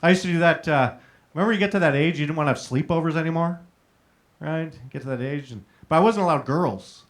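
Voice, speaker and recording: A male stand-up comic with a slightly high voice works a showroom crowd. He talks in a crude, chatty way, throwing questions at the audience. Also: quick pace. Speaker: stand-up comedian. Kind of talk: stand-up comedy set. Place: comedy showroom stage. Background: audience laughter.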